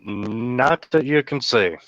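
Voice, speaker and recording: Slow, smooth-voiced man running a tabletop game. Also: medium pitch, fairly bright tone, dry recording, muffled recording. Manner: hesitant, many uh fillers. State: hiccups. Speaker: game master.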